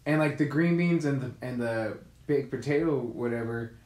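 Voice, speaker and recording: A man's voice: mid-range voice, moderate pace, darkish tone, echoey room. A man co-hosting a podcast, telling stories in casual chat with frequent swearing and laughs. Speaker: podcast co-host. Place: Korea.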